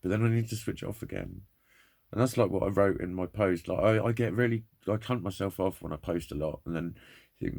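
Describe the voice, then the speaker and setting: A man talks straight to camera in a low, gravelly voice. He rambles, swears often and sounds worn down by pain and frustration. His delivery is candid and unpolished. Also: a little fast, darkish tone. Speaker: vlogger. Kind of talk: candid personal monologue.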